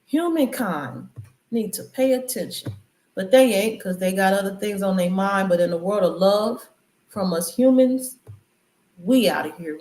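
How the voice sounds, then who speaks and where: Woman, AAVE, casual spiritual commentary, mid pitch, roomy echo. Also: unhurried, a little mellow. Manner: loose, conversational, preachy riffs. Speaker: channel host. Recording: echoey room.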